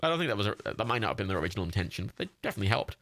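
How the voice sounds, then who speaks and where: A man's voice: fairly low pitch, big pitch swings, racing, fairly bright tone, no echo. A young man livestreaming, rambling casually with lots of fillers, restarts and laughs while playing a game.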